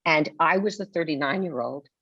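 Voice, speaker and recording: Older woman guest on a webinar, low voice, vivid theatrical storyteller, dull dry video-call sound. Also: normal speed, a bit bright, slightly rough, no echo. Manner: theatrical storyteller who acts out quotes. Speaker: guest author. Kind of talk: webinar conversation.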